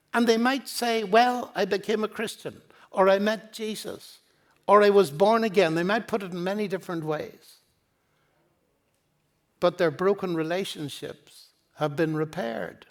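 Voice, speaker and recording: An older man giving a public lecture in a university hall, earnest and pleading, telling stories with quoted dialogue. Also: sits high. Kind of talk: public lecture on faith and science.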